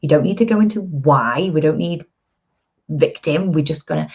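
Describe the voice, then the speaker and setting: A woman's voice: low-pitched, normal speed, darkish tone, husky, highs cut off. A woman in her thirties, an empowerment coach, giving an earnest, chatty motivational talk to her viewers.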